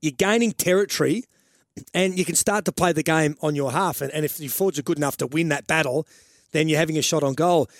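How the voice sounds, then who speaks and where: A middle-aged Australian man breaks down football tactics on a radio sports show. His voice sits a bit high for a man and runs on, looping back over his own phrases. The studio sound is dry and close. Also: fast talker, no room sound. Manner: rambling, restarts phrases while explaining tactics. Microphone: studio microphone.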